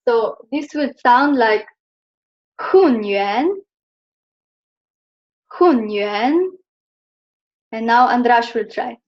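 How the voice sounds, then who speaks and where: A woman's voice: a little high, normal speed, few pauses. A woman from Slovenia teaching Chinese pronunciation over a video call, patiently repeating each sound for her students. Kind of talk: online pronunciation lesson. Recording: muffled video-call audio.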